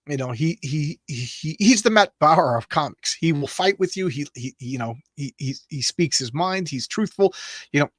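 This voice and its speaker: Guy chatting thru a comic book, lots of uh and you know, reads the bubbles out loud, dry sound. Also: a little high, animated, slightly rough, dry recording. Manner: rambling, halting, many restarts and fillers; reads speech balloons aloud in a lightly raised voice. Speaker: comic book show host. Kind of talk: casual comic reading and commentary.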